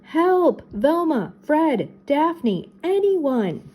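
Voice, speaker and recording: A woman voicing a goofy, easily scared teenage boy, speaking high and loud. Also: slow pace, slight background noise. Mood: excited. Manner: high excited yelling.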